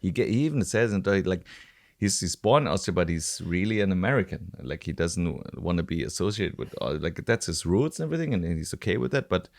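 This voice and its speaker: A German podcast host of about forty from Stuttgart, speaking with a German accent, tells a rambling story in casual chat, full of restarts and fillers. His voice is deep, expressive and gravelly, a little mellow, and a little fast.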